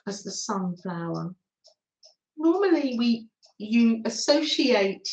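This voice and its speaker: An older woman, hosting a craft livestream and chatting warmly to viewers by name as she reads their comments. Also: on the high side, echoey room, slight background noise, rough recording.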